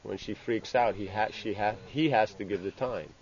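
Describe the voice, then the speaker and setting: A man giving an informal scripture class. He speaks haltingly, restarting phrases and tagging lines with "you know". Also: lowish voice, a little mellow. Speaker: religious teacher. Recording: dull lo-fi with faint ambient hiss.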